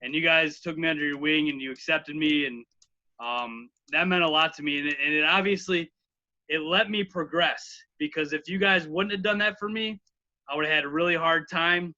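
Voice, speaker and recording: Brief: earnest podcast co-host from the Chicago area, very bright and higher-pitched, lo-fi sound. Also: male voice, moderate pace. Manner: earnest, grateful, rattles off names. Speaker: podcast co-host, former college outfielder. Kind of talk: casual podcast chat. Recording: dull lo-fi audio.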